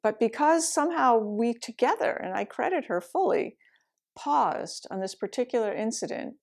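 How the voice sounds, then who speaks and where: A woman's voice: on the high side, expressive, normal speed, creaky. Candid woman telling a personal story. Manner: candid, reflective, with laughs. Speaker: meditation teacher. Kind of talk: storytelling talk.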